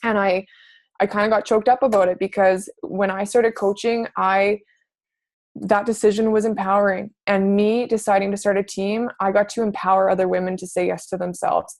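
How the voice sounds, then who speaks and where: A female fitness coach with a mid-range voice chats with her team over a video call, casual and gushing, saying "like" a lot. There is no room sound.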